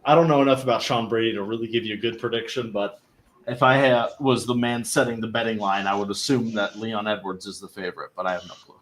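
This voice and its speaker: A man's voice: on the low side, fairly even intonation, quick pace, a bit bright, slight background noise. A young man hosting a livestream in rambling, chatty talk, laughing easily. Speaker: livestream host. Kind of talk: casual livestream chat.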